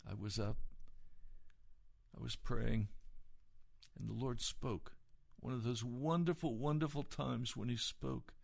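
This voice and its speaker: A man preaching as a pastor, speaking earnestly and sometimes rising in pitch as he urges his listeners on. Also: steady tone, slow, creaky, pauses often. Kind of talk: sermon.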